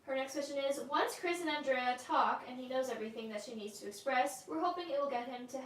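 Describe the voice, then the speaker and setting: A woman with a high voice reads out viewers' questions at a brisk clip. She sits some distance from the microphone, and the room adds a noticeable echo. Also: slight background noise. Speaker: co-host reading viewer questions. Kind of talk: reading questions aloud.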